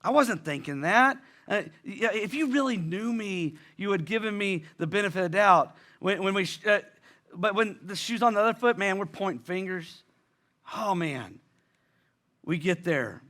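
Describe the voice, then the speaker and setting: Bright-voiced preacher man. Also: sits high, expressive, moderate pace. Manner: conversational, acts out inner voices, repeats for emphasis. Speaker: pastor. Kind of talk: sermon.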